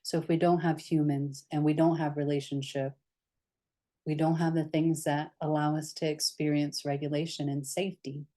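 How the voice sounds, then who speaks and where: Guiding a group through a somatic therapy session, a woman speaks in a low, grounded voice. Her manner is candid and gentle, and she frequently softens into a quiet tone.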